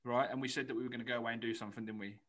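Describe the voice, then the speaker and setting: A man's voice: medium pitch, little pitch movement, rapid-fire, a bit bright. A young man, co-hosting a podcast in an easygoing, joking chat. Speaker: podcast co-host. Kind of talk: casual chat.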